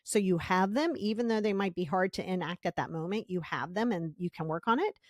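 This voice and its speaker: A woman's voice: fairly low pitch, fairly quick, no room sound. Emphatic woman host in a dry room. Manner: emphatic, acts out little scenes in quoted voices; repeats key words for stress. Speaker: podcast host. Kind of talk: self-help podcast talk.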